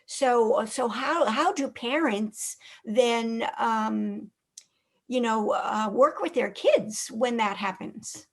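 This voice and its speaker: A woman hosting an interview who asks long, halting questions with many restarts. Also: fairly high pitch. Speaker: host, interviewer.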